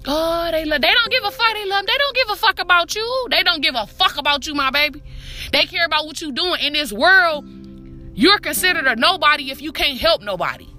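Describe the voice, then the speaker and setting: A woman's voice: very high voice, lively intonation, fairly quick, sharp tone, faint music behind. A woman hosting a podcast, giving a profane, preachy motivational monologue straight to the listener, calling them her baby and repeating herself for emphasis. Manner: repetitive, emphatic street talk. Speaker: podcast host.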